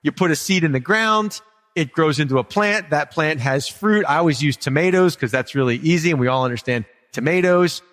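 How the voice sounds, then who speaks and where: Man pastor, slightly high voice, conversational and funny, long church-hall reverb. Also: brisk, a bit bright. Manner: conversational and humorous, asks the congregation questions. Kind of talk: sermon.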